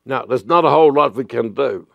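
A man preaching a sermon as a pastor, speaking earnestly and deliberately with repeated phrases and sudden loud outbursts. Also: medium pitch, vocal fry, no room sound, lo-fi sound.

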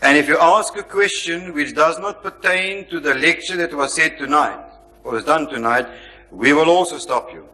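A man's voice: a little high, normal speed, pushed and bright. A man chairing a public question session, speaking firmly and insistently. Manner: firm, insistent, emphatic. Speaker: event chairman. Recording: long hall reverb.

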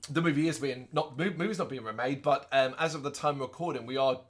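A man co-hosting a podcast, chatting casually and recapping a movie in an animated way, with quick asides in put-on voices. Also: mid-range voice. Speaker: podcast co-host. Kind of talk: casual movie review chat.

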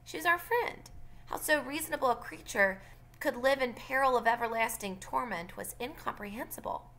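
A woman teacher reading a novel aloud for her class, pausing for brief explanations. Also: a little high, fairly bright tone.

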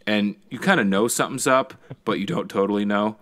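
Lively young man retelling a movie. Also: lowish voice, a little fast, few pauses. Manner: animated storyteller, acts out movie scenes with profanity. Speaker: podcast co-host. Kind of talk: casual chat.

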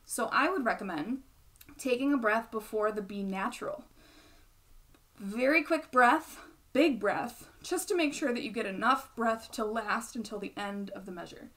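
A woman's voice: mid-range voice, lively intonation, normal speed, fairly bright tone. A young adult woman giving a patient music lesson, explaining step by step and checking in with the listener. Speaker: bassoon teacher. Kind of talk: instructional explanation.

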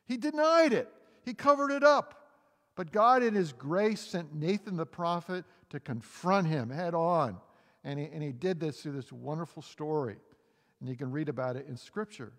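New England pastor preaching in a reverberant church. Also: male voice, on the high side, moderate pace. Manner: animated preaching, acts out quotes in character voices. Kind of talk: sermon. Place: church sanctuary. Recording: long hall reverb.

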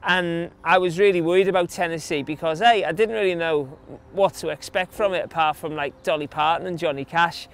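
A man's voice: fairly high pitch, fairly even intonation, fairly quick, hardly any pauses, a bit bright, clean tone. A young adult man from England with an English accent, casually telling stories from his run in an interview, chatty and full of fillers. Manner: chatty, anecdotal, many fillers. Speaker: interviewee, long-distance runner.

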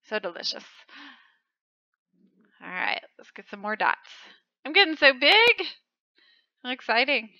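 A woman hosting a channel, giving excited commentary as she plays a game, gushing and squealing at close calls. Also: high voice, unhurried, long pauses, no room sound, muffled recording. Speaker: channel host.

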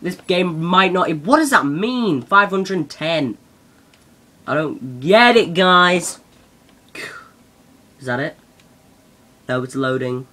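Excitable young gamer, bright voice. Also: male voice, a little high, takes it slowly, long pauses. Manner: excitable, yelps and shouts at the game. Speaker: gaming channel host. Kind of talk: let's-play commentary.

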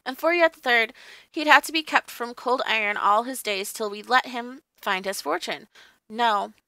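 A woman's voice: a little high, normal speed, bright, forceful tone, no room sound. Woman reading a grave fairy knight-king. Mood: doubtful. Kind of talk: audiobook character reading.

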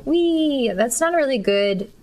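A woman's voice: sits high, animated, unhurried, a little mellow. A young woman giving casual, giggly gameplay commentary full of crude jokes. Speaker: game streamer.

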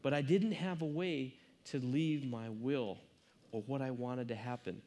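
An earnest man speaking at a conference, telling a personal story in a confessional tone. His voice sits at an ordinary middle pitch, and he talks with plain emotion. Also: unhurried, dark tone.

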